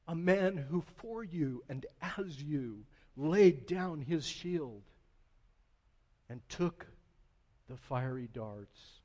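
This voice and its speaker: A man preaching a sermon in a church, his voice set a little high. He speaks slowly and deliberately, then rises to loud, impassioned stretches. A long reverb from the hall trails each phrase. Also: expressive. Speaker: pastor.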